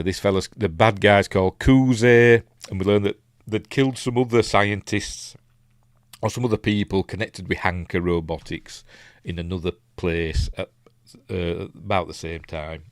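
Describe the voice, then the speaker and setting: A low-pitched male voice at normal speed, recorded clean in a studio with no echo. He's a film reviewer with a Yorkshire accent hosting a casual live watch-along, rambling and hesitant with plenty of ums and restarts, chuckling at his own asides.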